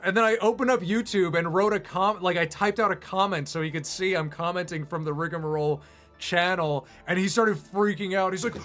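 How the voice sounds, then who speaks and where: A man's voice: high voice, brisk, fairly bright tone, soft background music. Rambling man chatting on stream. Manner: rambling, self-deprecating, many fillers. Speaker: streamer and animator. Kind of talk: casual livestream chat.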